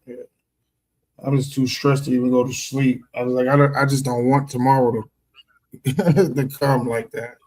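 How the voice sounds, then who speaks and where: A man's voice: medium pitch, fairly even intonation, normal speed, darkish tone, rough recording. A man chatting casually on a podcast in a laid-back way, swearing freely. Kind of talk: casual chat.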